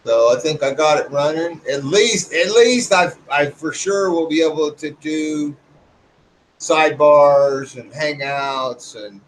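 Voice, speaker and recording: A man's voice: fairly high pitch, takes it slowly, a little hiss or hum, low-quality recording. A man talking casually to his viewers, rambling through a profane, loose rant and restarting his sentences often. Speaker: YouTuber.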